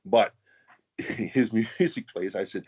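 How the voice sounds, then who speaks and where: A man's voice: on the low side, slow, a little mellow, husky, lo-fi sound. A man, a former wrestler, telling stories in a casual podcast chat, laughing often and swearing freely.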